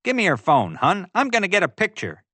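Man putting on a loud brash tourist dad. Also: sits high, huge pitch swings, fairly quick, no echo, voice pushed up, exaggerated voice. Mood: excited.

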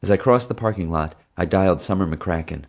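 A man narrating a first-person children's story in a steady, plain way. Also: deep voice, a little fast. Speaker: audiobook narrator.

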